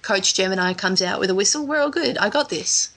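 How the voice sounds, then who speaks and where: A woman's voice: medium pitch, lively intonation, fairly quick, fairly bright tone. An Australian woman chatting as a podcast guest, a chatty storyteller who laughs easily. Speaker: guest, wrestler. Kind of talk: casual podcast chat.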